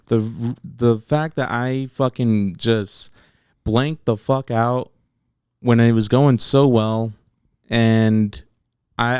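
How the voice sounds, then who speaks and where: A man's voice: medium pitch, darkish tone, smooth, no room sound, studio quality. A man talking bluntly and swearing a lot as he tells a story in a casual interview. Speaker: battle rapper guest.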